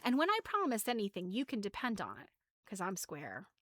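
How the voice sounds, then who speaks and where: A woman voicing a big, boastful but gentle male storybook beast who talks in a proud, earnest way. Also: mid-range voice, wildly swooping pitch, a little fast, dry recording.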